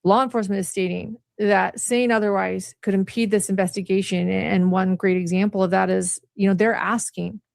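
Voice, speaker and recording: A woman's voice: medium pitch, steady tone, fairly quick, creaky, hardly any pauses, no echo, studio quality. A woman speaking firmly on a livestream, emphatically explaining. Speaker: true crime livestreamer. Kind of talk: livestream commentary.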